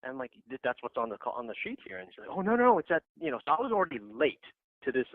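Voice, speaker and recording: A man tells a story as a podcast guest, loose and chatty, with many fillers and laughter breaking in. His voice sits at an ordinary pitch. The sound is narrow and dry, as if heard over a phone line. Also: big pitch swings, very fast, no echo. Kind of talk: casual anecdote.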